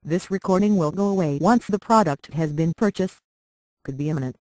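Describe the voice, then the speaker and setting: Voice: medium pitch, brisk, a little mellow, dry recording, low-quality recording. A text-to-speech voice reading a news article in a mechanical, evenly paced way, spelling out numbers and symbols literally. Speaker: news reader.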